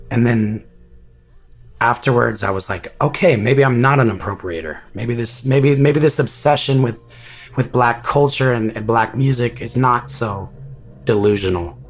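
A man being interviewed, recounting a personal story in a halting, reflective way with many restarts. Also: mid-range voice, husky.

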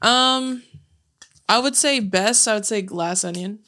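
Bright-voiced chatty woman. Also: medium pitch. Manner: chatty, quick, laughing asides. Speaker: podcast co-host. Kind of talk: casual chat.

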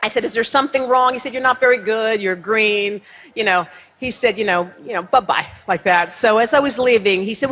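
Husky woman telling a lively story. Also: a little high, fairly quick. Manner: lively, self-mocking, acts out other people's lines. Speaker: speaker. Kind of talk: storytelling keynote speech. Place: stage with a live audience.

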